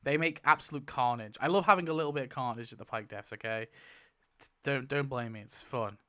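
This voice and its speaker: A young man commenting casually as he spins a wheel, excitable, laughing often and swearing. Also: mid-range voice, a little fast. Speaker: YouTuber spinning a wheel. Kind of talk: casual commentary while playing.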